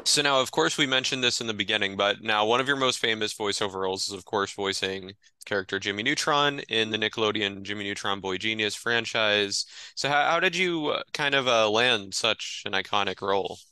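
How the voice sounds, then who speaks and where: A man hosting a podcast, asking friendly interview questions in a slightly halting way. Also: fairly low pitch, sharp tone, clean tone, no echo, low-quality recording. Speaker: podcast host.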